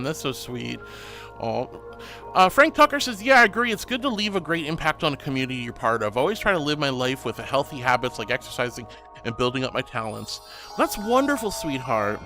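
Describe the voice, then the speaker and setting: A man's voice: fairly high pitch, pushed and bright. A man streaming live in a casual, gushing and affectionate way, reading chat aloud and greeting viewers with giggles.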